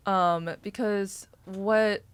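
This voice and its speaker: A woman's voice: medium pitch, fairly even intonation, very slow, smooth, no echo. A woman guest in a casual group conversation, speaking thoughtfully and reflectively, with filler words as she works through ideas.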